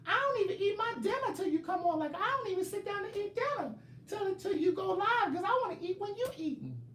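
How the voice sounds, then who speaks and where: A man putting on a whiny high-pitched nagging fan. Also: sing-song, fairly quick, fairly bright tone, reverberant, far from the mic, a little hiss or hum, full character voice.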